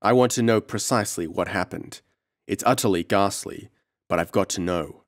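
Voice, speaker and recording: A man's voice: deep voice, moderate pace, dry recording, studio quality. A man voicing a cool-headed scientist who speaks grimly and decisively, in an audiobook reading. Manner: grim, decisive.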